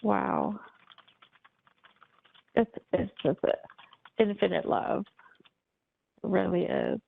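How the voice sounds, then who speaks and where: A woman's voice: mid-range voice, extremely slow, vocal fry, husky. A woman speaking as a hypnosis client in trance, emotional and full of wonder. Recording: tinny phone-like call line.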